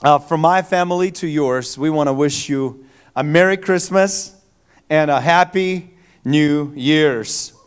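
A male pastor giving a Christmas Eve sermon in a church, telling stories in a relaxed, joking, conversational way with fillers. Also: fairly high pitch, takes it slowly, clear, resonant tone. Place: church sanctuary.

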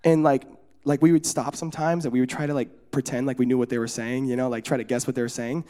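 A young man from Oregon preaching in a casual, storytelling way, animated and acting out the voices in his stories. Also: mid-range voice, quick pace. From United States, Oregon. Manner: casual, often asks "you know what I'm saying?". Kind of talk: storytelling sermon.

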